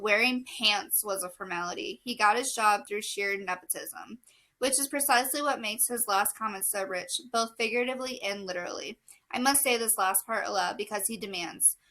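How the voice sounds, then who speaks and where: A woman's voice: mid-range voice, bright, forceful tone, rough recording. A young woman reading a novel aloud, breaking off now and then to laugh and correct her slips. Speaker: book vlogger reading aloud.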